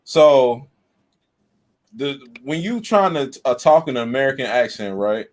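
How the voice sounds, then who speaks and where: A man's voice: medium pitch, lively intonation, unhurried. Emphatic man arguing in casual chat. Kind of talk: casual live-stream chat.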